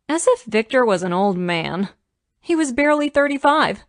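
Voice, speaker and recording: A woman narrating a romance audiobook in a measured storytelling manner. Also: fairly high pitch, animated, dry recording, studio quality.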